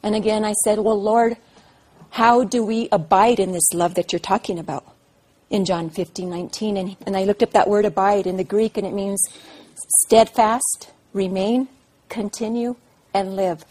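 Woman minister's wife, devotional talk, husky breathy tone, earnest and fervent. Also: medium pitch, steady tone, normal speed, a little mellow. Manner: earnest, builds to fervent emphasis. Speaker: pastor's wife. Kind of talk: devotional talk to a women's group.

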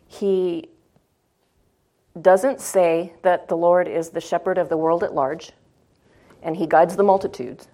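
A woman's voice: on the low side, steady tone, slow, pauses often, dark tone. A woman teaching a Bible study in a conversational way. She often checks in with her listeners and repeats phrases for emphasis.

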